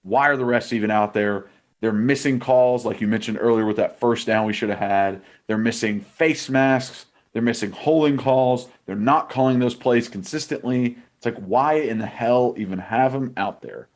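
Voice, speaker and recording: A young man, a former offensive lineman, co-hosts a casual sports podcast and rants heatedly about referees, swearing a lot. His voice is medium in pitch and he talks at a normal speed.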